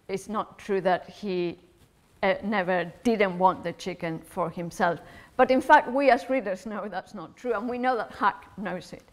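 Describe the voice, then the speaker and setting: A woman's voice: medium pitch, a bit bright. A woman with a Spanish accent giving an academic philosophy lecture in a lecture hall, explaining carefully and thinking aloud as she goes.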